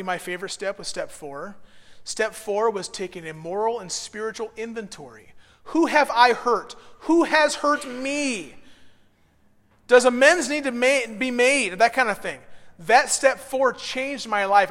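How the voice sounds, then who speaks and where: A man in his thirties preaching a sermon, telling a self-deprecating personal story that builds to shouts. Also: high voice. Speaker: pastor. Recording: long reverb of a large hall.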